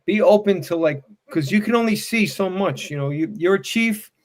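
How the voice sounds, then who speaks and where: A man in his sixties with a voice pitched a little high, chatting as a podcast guest. He rambles in an easygoing way, sprinkling "you know" and "man" as he shares tips from a long career. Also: expressive, moderate pace. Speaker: retired fire battalion chief guest. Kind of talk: casual podcast interview.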